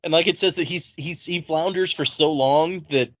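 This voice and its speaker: A man's voice: fairly high pitch, moderate pace, no room sound, muffled recording. A man co-hosting a casual book discussion podcast, retelling scenes and acting out quotes. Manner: animated retelling, reads quotes in put-on voices. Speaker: podcast co-host.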